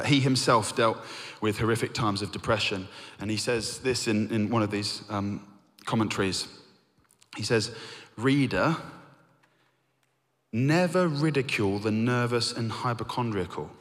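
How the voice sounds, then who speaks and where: A man preaching a sermon, earnest, rising to emphatic points and then dropping to hushed, reflective lines. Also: on the low side, steady tone, moderate pace. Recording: long hall reverb.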